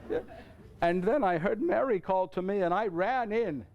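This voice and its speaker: A man's voice: high voice, normal speed, dull audio. An actor playing a nineteen-year-old carpenter, earnest and flustered, in a live stage monologue. He stammers and repeats himself, and he speaks straight to the audience. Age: young adult. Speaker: actor in one-man show. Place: church before a live audience.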